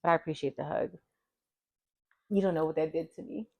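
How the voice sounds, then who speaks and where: A woman's voice: low voice, steady tone, fairly quick, no echo. Blunt, teasing young woman podcast host. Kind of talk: casual chat.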